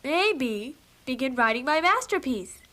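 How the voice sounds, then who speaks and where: A woman voicing a spirited teenage girl in an animated series, stuffy and sneezing with a cold, lively and frank. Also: high-pitched, measured pace, full character voice. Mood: chatty.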